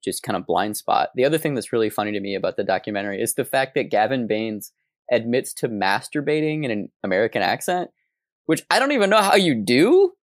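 A podcast co-host in an animated, amused casual discussion. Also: medium pitch, a little fast, no room sound, clean studio sound.

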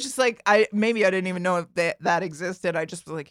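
A woman in her forties, a podcast guest, tells a comic personal story in a lively, chatty, animated way, leaning heavily on "like" and acting out each voice. Her slightly low voice is brisk, clear and resonant. It's recorded close and dry, with no room sound or echo.

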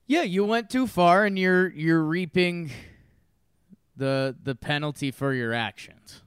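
A man casually chatting as a podcast co-host, dropping deadpan, dark one-liners. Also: fairly high pitch, slow pace, clear, resonant tone, no room sound, studio quality. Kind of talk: casual comedic chat.

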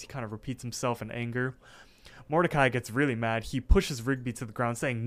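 A man's voice: medium pitch, steady tone, a little fast. A man co-hosting a casual podcast, retelling cartoon scenes with lots of fillers. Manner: recaps scenes with many fillers. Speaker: podcast co-host.

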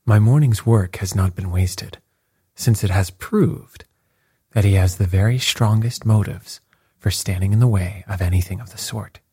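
A man voicing a calm, blandly ironic detective who speaks quietly, with a husky voice. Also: lowish voice, normal speed, no echo, clean studio sound. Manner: quiet and unruffled.

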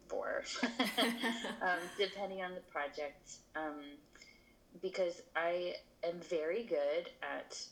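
Woman, deep voice, gravelly fry, thoughtful, laughs easily, faint background noise. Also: low-quality recording. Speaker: actress, podcast guest. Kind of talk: podcast interview. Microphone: video call.

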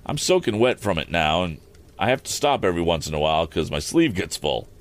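A man doing a folksy older laborer with a slow, drawling way of talking. The voice is pitched above a deep reading voice and swings up and down. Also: expressive. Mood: complaining.

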